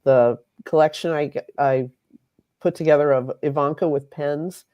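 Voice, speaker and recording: A woman's voice: sits low, steady tone, measured pace, dry recording, lo-fi sound. A woman journalist on a talk panel, telling sarcastic stories in a wry, dry manner. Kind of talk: casual panel chat.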